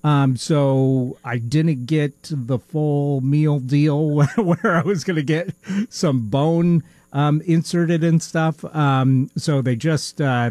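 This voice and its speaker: A podcast co-host chats casually, rambling and hesitating with lots of fillers and chuckles. His voice is fairly high but darkish in tone, with no echo, and he has a slight lisp from a missing tooth.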